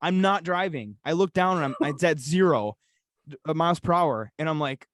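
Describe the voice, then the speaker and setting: A man's voice: on the high side, normal speed, no echo, studio quality. A young man with an Upper Peninsula Michigan accent telling a story animatedly, swearing often, as a podcast co-host. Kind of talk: casual storytelling.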